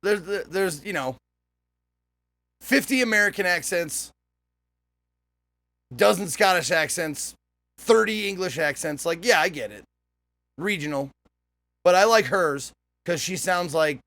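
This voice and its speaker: A man's voice: fairly high pitch, measured pace, pauses often, sharp tone. A man streaming a game and chatting casually, rambling and swearing, often trailing off. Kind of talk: casual gameplay commentary.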